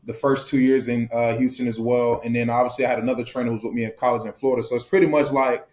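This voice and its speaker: A man's voice: medium pitch, very fast. A young man, a football player being interviewed, telling stories in casual chat with many fillers and easy laughs. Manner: relaxed storytelling with fillers and laughs.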